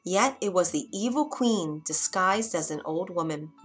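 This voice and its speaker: A woman reading a fairy tale aloud in an expressive, dramatic storybook manner. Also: on the low side, moderate pace, soft background music.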